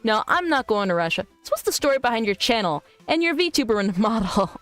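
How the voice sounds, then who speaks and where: A woman's voice: fairly high pitch, big pitch swings, fairly quick, a bit bright, dry recording, soft background music. A woman VTuber streamer in casual live-stream chat, reading viewer messages aloud and answering them. She talks in a crude, joking and teasing way.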